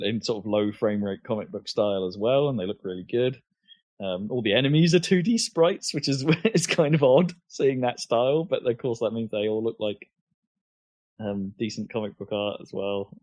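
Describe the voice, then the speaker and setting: A podcast co-host with a voice on the low side chats casually, hesitant and full of fillers and restarts. The recording is dry, dull lo-fi podcast audio.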